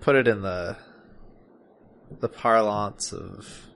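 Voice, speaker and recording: A man co-hosting a podcast in casual chat, hesitant with many fillers and restarts, with a dry, deadpan humor. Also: on the low side, takes it slowly, creaky. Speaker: podcast co-host.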